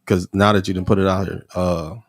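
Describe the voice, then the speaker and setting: A man's voice: sits low, flat delivery, brisk. A man appearing as a guest on a talk show, speaking hesitantly and stopping often on fillers. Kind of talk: casual talk show chat. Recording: crowd noise behind.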